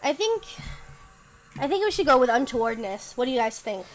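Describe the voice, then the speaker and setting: A woman's voice: high-pitched, big pitch swings, fairly quick, poor audio. A young woman streaming a story game, chatting casually, thinking aloud and asking her viewers what to pick.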